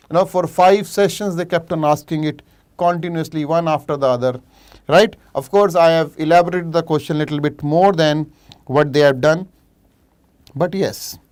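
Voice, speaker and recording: A middle-aged Indian man teaches a live online medical revision class in a clear, resonant voice pitched a little high. He reads cases aloud, answers students from the chat by name, and slips into Hindi for quick asides. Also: a little mellow. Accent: Indian English. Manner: explains cases while reading out viewers' chat answers.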